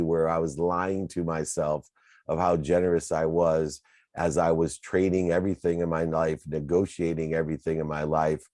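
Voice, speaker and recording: A man's voice: low voice, warm tone, dry recording. A man telling his own life story in an earnest, emphatic motivational talk, building his points through repeated lists. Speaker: speaker sharing his personal story.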